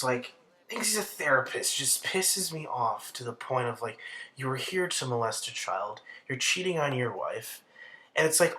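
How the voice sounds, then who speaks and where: Bright-voiced young man ranting casually. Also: medium pitch. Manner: crude, heavy swearing, rambling. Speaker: commentary channel host. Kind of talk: casual video commentary.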